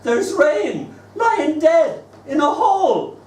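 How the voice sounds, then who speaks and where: An older man in his sixties voicing a small girl who marvels at the world, with a high childlike lilt. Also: lively intonation, takes it slowly, a little mellow, a little hiss or hum, exaggerated voice. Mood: marvelling. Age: 60s. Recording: roomy hall from far off, faint ambience.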